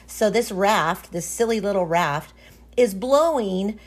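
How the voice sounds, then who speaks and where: A woman with a medium-pitched voice hosts a casual interview. She chats freely, laughs easily and fills her sentences with "um" and "you know.". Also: lively intonation, slow pace. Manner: chatty, laughs often, many fillers. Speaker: host.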